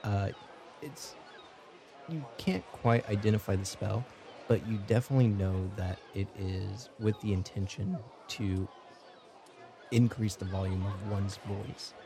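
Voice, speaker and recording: A man running a tabletop game as game master, narrating in a relaxed way with frequent filler words. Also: fairly low pitch, unhurried, noisy background.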